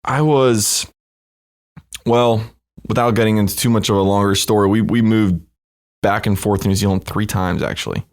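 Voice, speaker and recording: An easygoing man with a lower voice, a guest on a casual podcast. He talks through his story in a conversational way, with plenty of fillers. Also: fairly even intonation, moderate pace. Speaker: podcast guest, company co-founder.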